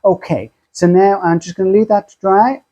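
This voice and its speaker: A man hosting a craft tutorial, chatty and self-deprecating, speaking in a husky put-on voice that sounds like a sore throat. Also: high voice, steady tone, moderate pace, warm tone, lo-fi sound. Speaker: craft channel host.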